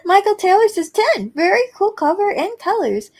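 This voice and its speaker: A woman's voice: extremely high pitch, big pitch swings, normal speed, a little mellow. A giggly woman reading out chat comments on a casual live stream.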